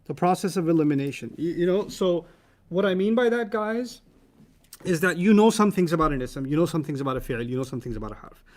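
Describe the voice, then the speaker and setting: Guy teaching arabic grammar to kids, jokey and animated, kinda high voice. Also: fast. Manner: playful, teasing, animated explaining. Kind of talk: casual lesson with students.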